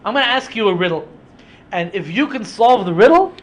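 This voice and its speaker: A man's voice: high-pitched, expressive, a little fast. A man acting out a confident young strongman who speaks in a challenging, dismissive way. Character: bold strongman hero, young groom.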